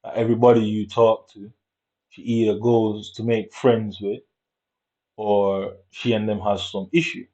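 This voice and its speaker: A man talks in a casual, meandering monologue. He repeats himself, drops street slang and swears freely. His voice sits on the low side, and the recording sounds dull and lo-fi. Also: darkish tone. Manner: rambling, repetitive, profane street slang.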